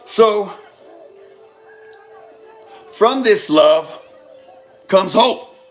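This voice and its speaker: Slow-talking high-voiced man musing. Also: animated, faint music behind. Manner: rambling, repeats and restarts phrases, swears, addresses listeners as brother. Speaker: speaker giving a monologue on love. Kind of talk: casual motivational talk.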